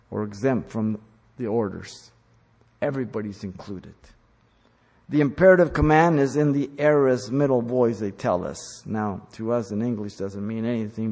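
Gravelly emphatic man preaching in a hall. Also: fairly low pitch. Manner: emphatic, rising to loud commands. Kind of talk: sermon. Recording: long hall reverb.

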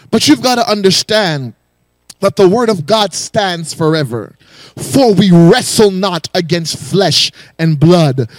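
Male pastor, high voice, dry close sound, rhythmic call-and-response preaching. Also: no echo. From raised in a West Indian home. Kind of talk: sermon.

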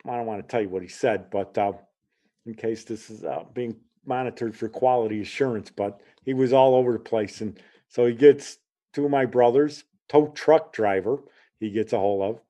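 Man with a mellow voice telling a story. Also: mid-range voice, moderate pace. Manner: animated, acts out the voices in his story. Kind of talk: casual personal storytelling.

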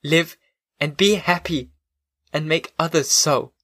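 A man voicing a resigned, gentle young woman prisoner in an audiobook, reading her lines softly and pleadingly. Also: a little high, moderate pace, dry recording, clean studio sound, natural voice. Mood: tender.

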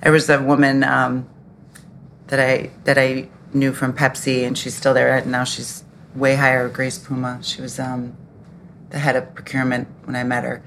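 A woman hosting a podcast conversation, candid and quick to laugh, swearing casually. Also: very deep voice, completely flat delivery, a little hiss or hum. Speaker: podcast host. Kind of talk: casual chat.

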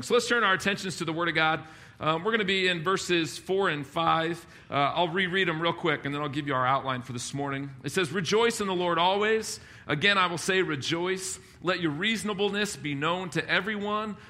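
A man preaching to his congregation, emphatic and lively, with humorous asides. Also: fairly high pitch. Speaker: pastor. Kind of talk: sermon.

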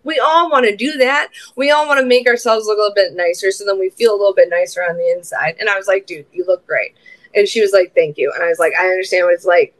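A woman hosting a podcast, telling a casual story with lots of swearing and acted-out quotes in sudden high voices. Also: fast, no room sound. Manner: animated, swearing, acts out quotes with big pitch jumps. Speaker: podcast host.

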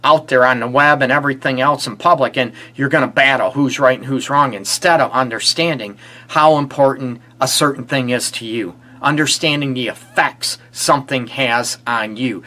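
His voice is mid-range and sharp, delivered at normal speed with hardly any pauses. He's a middle-aged relationship therapist giving sincere, casual advice to a live-stream audience and leaning on rhetorical questions.

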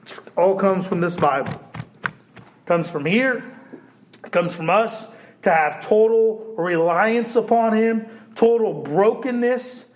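High-voiced man preaching in an echoey church. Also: slow, slight background noise. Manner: animated preaching, swinging from loud to hushed. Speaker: pastor. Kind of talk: sermon.

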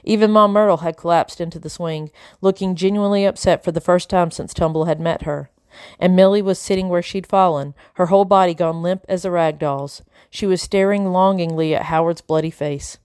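A woman reading a children's novel aloud in a steady storytelling voice. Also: on the low side, a little fast, smooth, no echo, studio quality. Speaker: audiobook narrator. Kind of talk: storybook narration.

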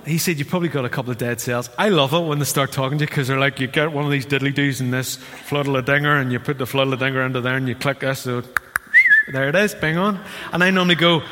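A man preaching a sermon as pastor, an animated storyteller who acts out voices. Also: medium pitch, quick pace. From Northern Ireland. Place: church hall. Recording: long hall reverb.

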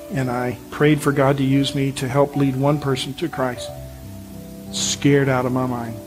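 A man's voice: mid-range voice, darkish tone, poor audio. A male pastor preaching a sermon in an earnest, emphatic, encouraging way.

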